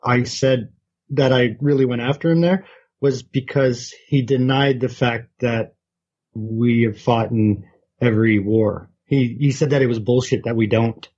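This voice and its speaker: A man's voice: medium pitch, unhurried, darkish tone, slightly rough, lo-fi sound. A man co-hosting a podcast, telling brash, profane stories in casual banter. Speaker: podcast co-host.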